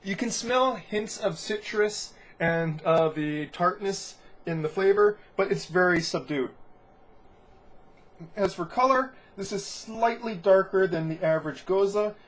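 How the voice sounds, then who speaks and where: A man's voice: high voice, measured pace. A man giving a casual beer review, talking in a rambling way and often correcting himself. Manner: rambling, self-correcting, chatty.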